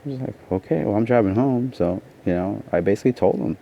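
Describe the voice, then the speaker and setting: A man's voice: fairly low pitch, quick pace, gravelly. A tired man telling a personal story in a casual vlog, rambling and saying "you know" constantly. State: tired from lack of sleep. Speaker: vlogger. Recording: dull lo-fi sound with faint noise.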